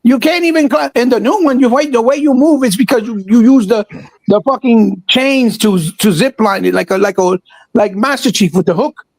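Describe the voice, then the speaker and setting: A man's voice: very high-pitched, normal speed, no room sound, low-quality recording. A man co-hosting a casual gaming chat, ranting and swearing in exasperation. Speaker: podcast co-host.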